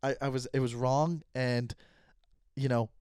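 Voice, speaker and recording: A man's voice: mid-range voice, steady tone, unhurried, a little mellow, smooth, no room sound, clean studio sound. A man hosting his own comedy podcast, talking in a casual, rambling, mock-earnest way and stumbling over his words.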